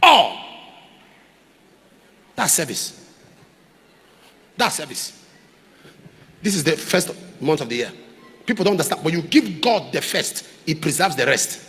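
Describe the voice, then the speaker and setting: A man with a Nigerian English accent preaching a sermon, swinging between loud fervent outbursts and low, quiet storytelling. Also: big pitch swings, fairly quick. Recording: large hall reverb, faint noise.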